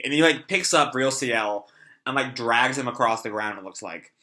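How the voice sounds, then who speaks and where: Bright-voiced guy with a stuffy nose. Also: mid-range voice, moderate pace. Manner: rambling, many fillers, swears casually. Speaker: channel host reacting to a manga chapter. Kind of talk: casual live reaction.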